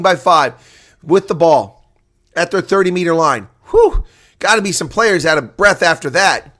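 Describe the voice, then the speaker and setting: A man giving live play-by-play rugby commentary, excitable and rising to shouts at big plays. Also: a little high, moderate pace.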